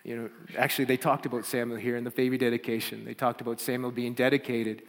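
A man's voice: medium pitch, level tone, quick pace. A man preaching a sermon as pastor, often repeating words and building to fervent appeals. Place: church. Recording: church hall reverb.

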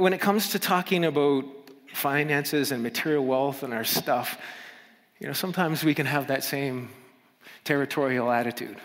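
A man's voice: mid-range voice, fairly bright tone. A pastor preaching a casual, playful sermon in a church, often repeating himself as he talks. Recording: long church hall reverb.

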